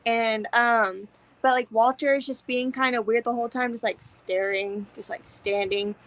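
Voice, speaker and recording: A woman's voice: fairly high pitch, fairly even intonation, moderate pace, fairly bright tone, poor audio. A young woman co-hosting a podcast, chatting casually about a movie, swearing freely and acting out scenes. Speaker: podcast co-host.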